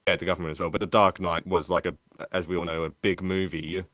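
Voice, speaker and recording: Rambling man, lowish voice. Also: little pitch movement, fast talker, fairly bright tone, dry recording, clean studio sound. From Australia. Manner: rambling, full of "like"s. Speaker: podcast co-host. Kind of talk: casual chat.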